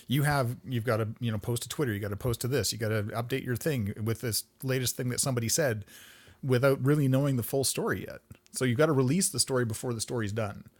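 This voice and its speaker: A man co-hosts a relaxed podcast conversation at a middle pitch. He is easygoing and drops dry asides. He backs up his co-host with frequent agreeing noises. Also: fast. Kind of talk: casual chat.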